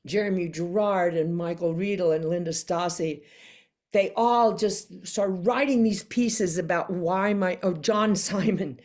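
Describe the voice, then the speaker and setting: Woman, interview guest, low-ish speaking voice, animated storyteller who acts out quoted people. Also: measured pace. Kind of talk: casual storytelling in a sit-down interview.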